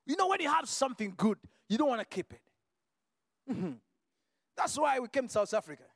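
A man preaching a sermon and telling a healing testimony, shifting from quiet asides to fervent shouted declarations and repeating words as he restarts a phrase. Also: extremely high pitch, sing-song, fairly quick, no room sound, clean studio sound, long reverb tail. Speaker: visiting preacher.

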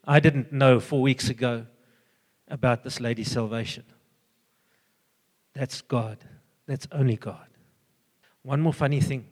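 An older man giving an earnest, halting personal testimony full of fillers and restarts. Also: medium pitch, steady tone, long reverb tail. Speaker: church member giving a testimony.

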